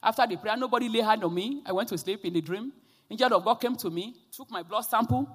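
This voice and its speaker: A woman preaching a sermon and telling her own testimony, swinging from quiet storytelling to loud, impassioned exhortations. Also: fairly high pitch, quick pace, slightly rough. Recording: long hall reverb.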